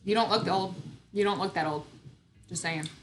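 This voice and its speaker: A woman's voice: medium pitch, normal speed. A woman in her thirties hosting a casual live chat, chatty and teasing with frequent giggles. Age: 30s. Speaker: homesteading channel host. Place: home.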